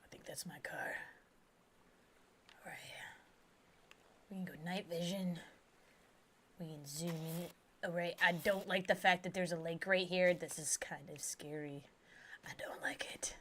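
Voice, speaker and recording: Woman, game streamer, live commentary, whispered reading, sudden loud bursts, forceful bright voice, a bit of faint hiss behind. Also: on the low side, measured pace, long pauses. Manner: reads game text in soft whispers, then breaks into loud excited chatter.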